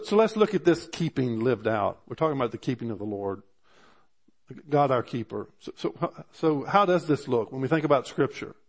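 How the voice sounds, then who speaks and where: Preaching man, animated with restarts. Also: mid-range voice, husky. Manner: animated preaching with repeated restarts, rising for emphasis. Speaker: pastor. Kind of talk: sermon.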